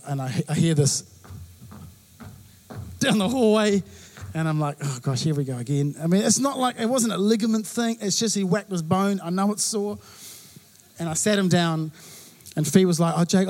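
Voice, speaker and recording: Male pastor in his thirties from New Zealand, high voice, animated sermon storytelling. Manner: animated storytelling with acted-out quotes.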